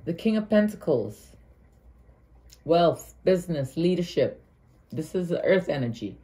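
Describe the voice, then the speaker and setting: A woman's voice: on the low side, big pitch swings, measured pace, mellow, a little hiss or hum. A woman with a Guyanese accent giving an earnest, heartfelt tarot card reading, thinking aloud and restarting her sentences. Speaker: tarot reader.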